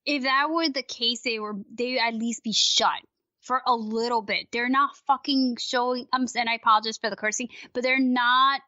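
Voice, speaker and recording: High, bright woman ranting animatedly. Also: normal speed, no room sound. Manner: animated, ranting, swears freely. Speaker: podcast guest. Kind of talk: casual podcast chat. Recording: dry, dull lo-fi sound.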